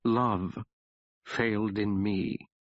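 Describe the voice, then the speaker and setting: A man voicing a stern, brooding older scientist in an audiobook, speaking gravely and slowly. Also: lowish voice, flat delivery, dry recording. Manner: grave, slow and solemn. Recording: dull dry audiobook recording.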